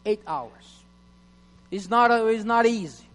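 A man preaching a sermon in English, which is not his first language, halting with restarts and reading scripture slowly and loudly. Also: high voice, lively intonation, smooth. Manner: halting, many restarts and fillers. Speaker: pastor. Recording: long hall reverb with mains hum.

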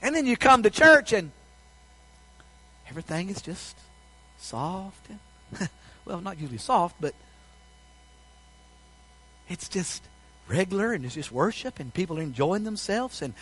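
A man preaching a sermon in a folksy storytelling way, swinging between loud passages and hushed ones. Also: sits high, sing-song, a little slow, long pauses, husky, rough recording.

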